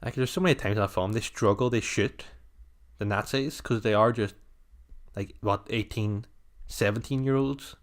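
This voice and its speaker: A man in a casual podcast chat with a lower voice than most men. He teases his co-host in a wry, easygoing way. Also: moderate pace.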